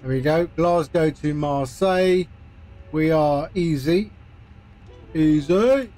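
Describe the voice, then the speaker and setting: Brief: male streamer, slightly high voice, unhurried chatty commentary over faint music. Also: mellow. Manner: chatty, talks through each step, friendly asides. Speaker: flight sim streamer. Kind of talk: live-stream commentary while playing.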